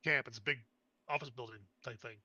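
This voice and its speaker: A man's voice: mid-range voice, steady tone, fairly quick, pushed and bright, no echo. A man narrating as game master of a tabletop game, describing the scene with frequent fillers.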